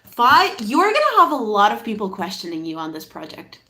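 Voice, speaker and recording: A woman giving a casual pick-a-card tarot reading, chatty and animated, laughing often and swearing casually. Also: medium pitch, fairly quick. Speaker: tarot reader.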